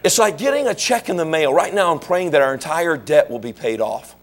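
A middle-aged man preaches a sermon in a fairly high voice. He quizzes his congregation with questions and climbs into shouted, animated stretches. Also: fairly quick. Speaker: pastor.

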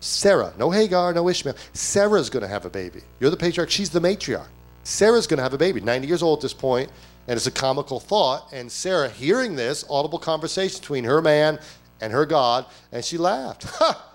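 A man preaching a sermon at a church service, animated, acting out quoted voices and firing off rhetorical questions. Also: on the high side, a little fast, soft background music. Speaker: pastor.

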